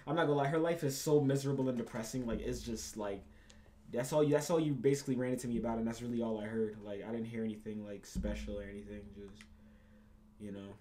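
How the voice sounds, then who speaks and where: A man's voice: medium pitch, steady tone, fast talker, warm tone, slight background noise. A young man hosting a reaction video, ranting casually and profanely, repeating himself and calling the listener bro.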